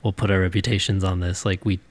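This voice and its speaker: Laid-back lower-voiced man chatting. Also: flat delivery, fast, dry recording. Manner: laid-back, laughing, frequent "yeah" and "like". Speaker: podcast co-host. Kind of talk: casual chat.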